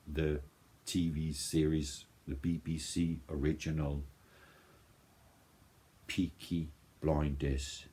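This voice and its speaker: This Danish vinyl music vlogger speaks English as a second language in a loose, rambling chat, frequently restarting and groping for words. His voice rumbles low with a slightly mellow quality.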